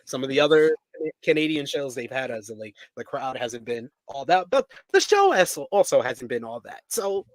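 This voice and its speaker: A man's voice: medium pitch, sing-song, moderate pace, few pauses, no echo. A man co-hosting a wrestling review show in casual chat, reading out viewer comments and donations and laughing often.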